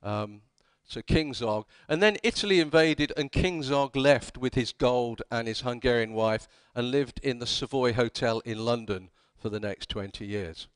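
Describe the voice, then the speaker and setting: A man's voice: mid-range voice, unhurried, hardly any pauses, clear, resonant tone, no room sound. A man giving a conference talk, telling history as wry anecdotes and acting out the quoted dialogue. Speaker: conference speaker. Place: conference hall.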